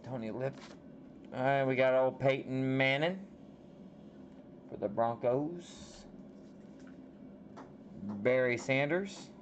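A man hosting a casual card break, calling out players with slow, drawn-out reactions as he opens packs. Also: medium pitch, a little mellow. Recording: slightly dull audio with faint background noise.

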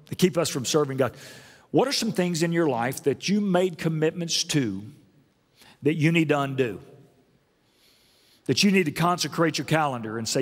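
A man preaches a sermon with earnest conviction, letting some phrases sink low and slow before others climb high and loud for emphasis. His voice sits on the high side for a man. The sound carries the long reverb of a large church hall. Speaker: senior pastor. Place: church auditorium.

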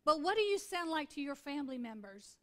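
A woman's voice: high-pitched, sing-song, brisk. A woman pastor in her forties preaching a sermon in an earnest, conversational way, repeating points for emphasis.

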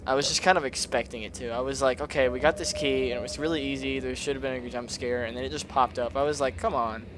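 A man's voice: mid-range voice, steady tone, fast talker, hardly any pauses, a bit bright. Give me a jumpy, giggly young man gaming with a friend, over a noisy mic. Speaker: co-player. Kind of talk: casual gaming banter.

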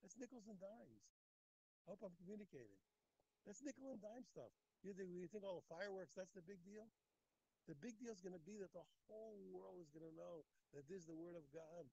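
A man teaching a daily Talmud class, animated and talking in quick restarts, repeating phrases as he works through the text. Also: high-pitched, gravelly, husky, low-quality recording. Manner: animated, repeats phrases, acts out the text's speakers. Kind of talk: daf yomi Talmud class.

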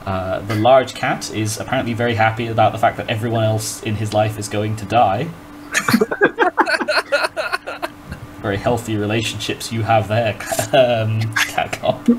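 Wry game master, noisy line. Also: male voice, on the low side. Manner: wry, exasperated, laughing often. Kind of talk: narrating a tabletop game.

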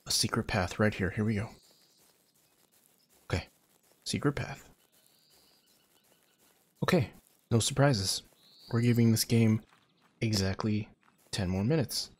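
Sarcastic man narrating gameplay. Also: on the low side. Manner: sarcastic and joking. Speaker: gaming channel host. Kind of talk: let's-play commentary.

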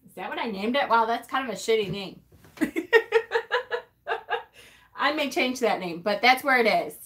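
A woman's voice: a little high, lively intonation, fast, a bit bright. A woman from North Carolina hosting a casual live stream, chatting with viewers and teasing them, laughing often. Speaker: witchy livestream host. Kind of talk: casual live-stream chat reading comments.

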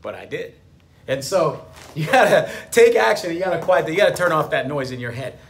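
A man's voice: fairly high pitch, expressive, a little fast. A man, a business attorney, giving a motivational talk to camera, emphatic and fond of repeating his key phrases.

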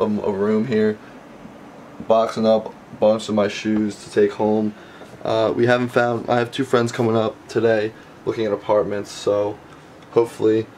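A man's voice: lowish voice, a little mellow, slight background noise. A young man vlogging casually from a messy bedroom, rambling and stammering with lots of restarts. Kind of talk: casual vlog to camera. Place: messy bedroom being packed up.

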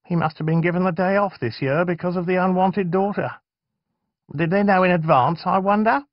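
A man's voice: high-pitched, brisk, no echo, lo-fi sound, pitched above the performer's own voice, natural voice. A man voicing a stern, anxious middle-aged mother who speaks primly and sharply, in a storybook reading. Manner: prim and sharp.

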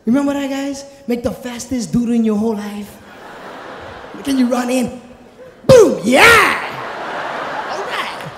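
A man doing stand-up comedy on stage, animated and shouting his punchlines. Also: very high voice, unhurried, pauses often. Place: hotel showroom stage. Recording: echoey hall, live noise.

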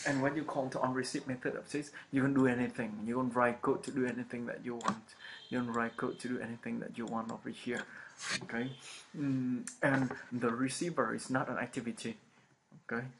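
Um-filled and halting, this programming instructor repeats phrases and keeps saying okay as he walks through a screen-recorded coding lecture. His voice is medium-pitched, gravelly and flat, and the home setup is noisy.

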